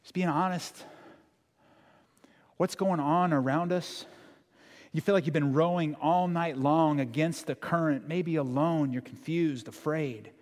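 A man preaching a sermon in a church, talking in an animated, conversational way with dramatic emphasis. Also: on the high side, a little slow. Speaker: pastor. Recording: long hall reverb.

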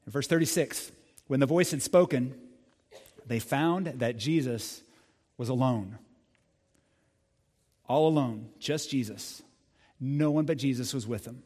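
A man preaching a sermon as pastor, animated and conversational, speaking directly to his congregation. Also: medium pitch, measured pace, long pauses, big-room sound.

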